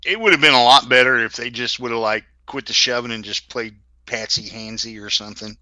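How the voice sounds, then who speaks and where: A man in casual chat, dropping low-key dry wisecracks. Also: a little fast, sharp tone, lo-fi sound. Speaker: podcast co-host.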